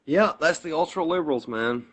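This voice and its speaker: This podcast co-host is a man with a fairly high voice who talks slightly fast. Chatting casually, he tells stories with animated enthusiasm, retelling debate moments through many fillers and false starts.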